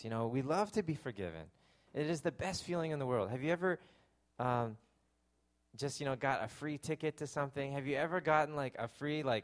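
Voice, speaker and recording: Preaching in a relaxed, conversational way, a young adult man serving as pastor uses a mid-range voice at a slightly fast pace. He pokes fun at himself and leans heavily on fillers.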